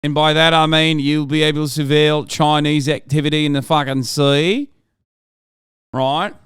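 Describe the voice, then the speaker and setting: A man in his thirties reacts to news clips on a live stream. He is loose, profane and excitable, and breaks into laughing asides. His voice is smooth and a little high, recorded dry and close. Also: normal speed, dry recording.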